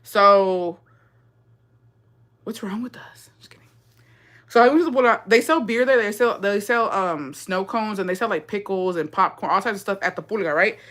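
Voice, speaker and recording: A woman's voice: medium pitch, animated, a little fast, few pauses, fairly bright tone. A young woman hosting a livestream, telling a story in a slangy, profane, chatty rant and reading out viewer comments. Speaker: livestream host.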